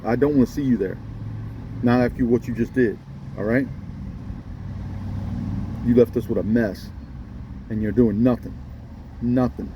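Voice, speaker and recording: A man's voice: mid-range voice, steady tone, a little slow, pauses often, highs cut off, noisy background. A man ranting straight at his viewers in a blunt, scolding way, often pressing them with "okay?". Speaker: vlogger addressing viewers. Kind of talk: ranting monologue to camera.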